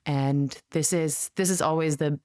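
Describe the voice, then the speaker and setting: A woman's voice: deep voice, steady tone, a little mellow, no echo, clean studio sound. A young adult woman from Germany, a parent coach answering interview questions in an earnest, reflective way. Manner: earnest, reflective, quick bursts of speech. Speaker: parent coach, podcast guest.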